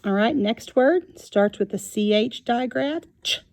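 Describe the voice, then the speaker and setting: A woman teaching a phonics lesson to young children, sounding out each word slowly and clearly. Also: a little high, darkish tone. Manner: slow and clear, sounding out words.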